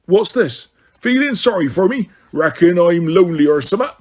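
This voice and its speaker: A giant, grumpy gamekeeper growls and grumbles in thick rough dialect speech, as a male audiobook reader puts him on. The voice sits raised and loud above the narration. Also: high voice, animated, moderate pace, pitched above the performer's own voice. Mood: grumbling.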